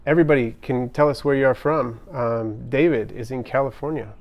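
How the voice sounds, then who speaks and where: A man chats with viewers during a home pet livestream, sounding friendly and enthusiastic. His mid-pitched voice has a gravelly edge, and he often pauses with ums and restarts his sentences. He picks up viewer comments and reads them aloud as he goes. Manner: chatty, upbeat, frequent ums and restarts. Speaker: livestream host. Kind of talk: casual live-stream chat, reading comments. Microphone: camera on tripod.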